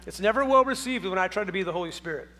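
A man's voice: high-pitched, expressive, very fast, sharp tone, long reverb tail. A male pastor giving a sermon in a church, speaking conversationally, asking the audience many questions, and adding touches of humor. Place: church sanctuary.

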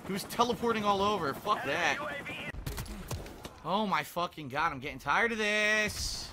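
A man's voice: sits high, animated, measured pace, gravelly, pushed and bright, a little hiss or hum. A young man commentating his own gameplay, ranting and swearing in exasperation. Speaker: gaming commentator. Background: faint gunfire from the game.

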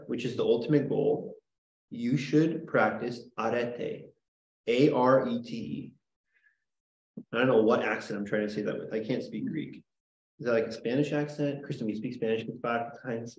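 A man's voice: mid-range voice, normal speed, vocal fry, a little mellow, roomy sound, rough recording. A man teaching a classroom lesson in a chatty, joking way, often checking in with "right?". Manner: chatty, jokey, lots of "right?" and "like". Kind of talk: classroom lecture.

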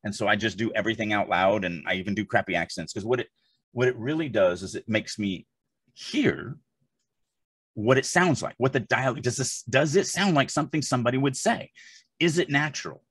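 A man's voice: medium pitch, brisk, fairly bright tone, slightly rough, no echo. A man co-hosting a podcast, chatting casually in an emphatic, rambling way full of asides. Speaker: podcast co-host. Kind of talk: casual chat.

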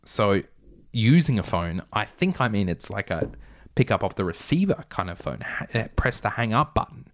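A man's voice: fairly low pitch, very animated, normal speed. A young man reading aloud his childhood novel, breaking off for wry, joking asides. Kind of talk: casual read-aloud with asides.

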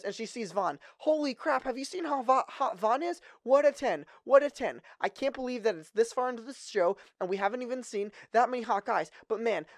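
Woman, comedic show recap, rapid chatter, slightly high voice, gushing and sarcastic, dry close sound. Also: darkish tone, no room sound. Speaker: host.

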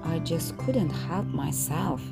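An earnest, pleading young woodcutter's son from a storybook, played by a woman reading aloud. He speaks slowly. A guitar plays loudly underneath. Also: low-pitched, vocal fry, full character voice. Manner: earnest, protesting. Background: guitar music.

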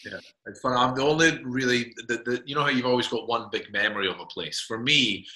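A man's voice: medium pitch, a little fast, sharp tone. A man hosting a casual interview, chatty and hesitant, with lots of fillers. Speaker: podcast host. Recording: echoey room.

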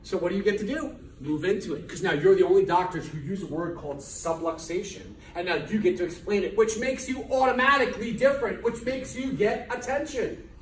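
A man's voice: high-pitched, fairly quick. A middle-aged man, a chiropractor, giving an emphatic motivational lecture to business students, repeating key words and firing rhetorical questions. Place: lecture hall at a college. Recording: echoey hall from far off, faint noise.

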